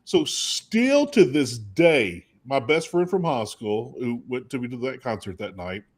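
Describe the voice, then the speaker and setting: A man, co-hosting and telling a rambling, animated story in casual chat. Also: a little slow, husky. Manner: rambling, animated storyteller with high put-on quoted voices. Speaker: co-host.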